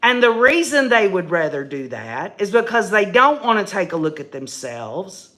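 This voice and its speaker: A woman's voice: medium pitch, very animated, moderate pace, a bit bright. A middle-aged woman giving emphatic live commentary on a true-crime case and talking straight to her viewers. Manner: emphatic, addresses viewers as "y'all", repeats and restarts when indignant. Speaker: livestream host.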